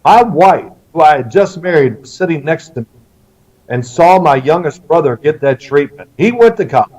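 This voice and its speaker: As a guest in a storytelling interview, a middle-aged man from Louisville, Kentucky recounts family tales with gusto, performing the characters' lines himself. He talks at a moderate pace in a fairly high voice, on a slightly distant, dull lo-fi recording.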